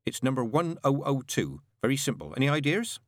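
A man's voice: mid-range voice, very animated, fairly quick, no echo, pitched above the performer's own voice, natural voice. A man reading an audiobook voices Anathema, a composed young woman with a cool, dry, sweetly pointed way of talking. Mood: wry. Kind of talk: audiobook narration.

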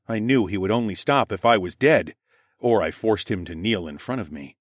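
A man narrating a fantasy story in the first person with dramatic, expressive reading. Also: lowish voice, dry recording, clean studio sound.

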